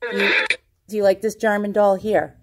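A woman casually talking through a ghost hunting session at home, asking slow questions aloud with pauses in between. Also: mid-range voice, little pitch movement. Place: indoors at home with a dog nearby.

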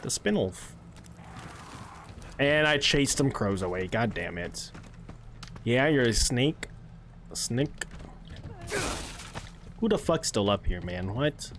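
An excitable man commentating his game on a live stream into a close microphone, his pitch bouncing up and down. He talks casually with his viewers and bursts into swearing and yelling when startled. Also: slow, long pauses, noisy background. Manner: chats with his chat between gameplay. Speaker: streamer playing a horror game. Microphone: streaming microphone close to his face.

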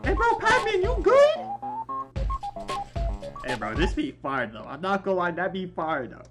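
Young guy yelling reactions, high voice all over the place, slangy, music in the background. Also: brisk. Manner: excitable, slangy, bursts of shouting. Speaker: reaction video host. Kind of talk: reaction commentary. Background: video soundtrack music.

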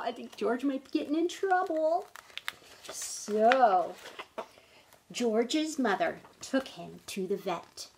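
A woman in her thirties or forties reading a picture book aloud to children, speaking gently and stopping often to ask them questions. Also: fairly high pitch, lively intonation, slow pace, gravelly, breathy edge. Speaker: storytime reader.

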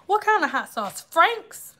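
Woman, thirties, high voice, chatty, joking, casual vlog talk. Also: sing-song, measured pace, sharp tone. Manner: chatty and joking, talks straight to viewers. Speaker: vlogger. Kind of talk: casual chat to viewers while doing hair.

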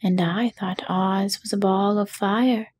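A woman's voice: medium pitch, steady tone, slow, a little mellow, slight background noise, lightly acted. A woman voicing a male lion who lacks courage, in whispered role-play. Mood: plaintive. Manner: exclaiming.

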